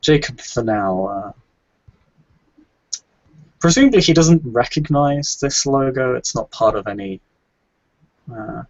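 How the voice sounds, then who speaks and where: A man playing a tabletop role-playing game hesitantly describes his character's moves, full of fillers and restarts. His medium-pitched voice is sing-song, creaky and a little mellow, slow, with long pauses. The recording is dry, dull and lo-fi, with no echo.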